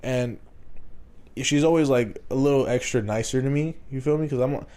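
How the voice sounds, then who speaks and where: A man's voice: mid-range voice, moderate pace, dark tone. A man co-hosting a podcast, telling a rambling, profane workplace story with frequent laughs. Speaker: podcast co-host. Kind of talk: casual storytelling chat.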